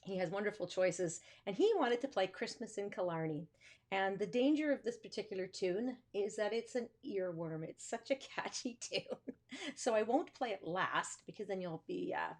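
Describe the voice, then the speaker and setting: A woman's voice: medium pitch, normal speed, a little mellow. A woman music teacher hosting a live stream, chatting casually with self-amused asides. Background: guitar music.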